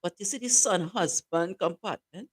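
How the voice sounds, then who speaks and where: A woman's voice: lowish voice, moderate pace, breathy edge. A woman co-hosting a talk show, giving casual advice and teasing her co-host, laughing often.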